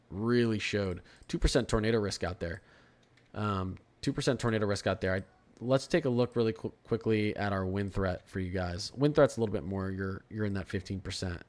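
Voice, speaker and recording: A man's voice: on the low side, normal speed. Chatty man streaming live weather. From Florida. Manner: chatty, restarts and repeats words, reads chat aloud. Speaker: weather livestream host. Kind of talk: casual live weather commentary.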